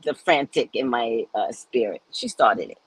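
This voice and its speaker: A woman's voice: very deep voice, animated, moderate pace, slight background noise, low-quality recording. A woman hosting a live stream, chatting casually and telling stories with frequent laughter. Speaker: host of live readings.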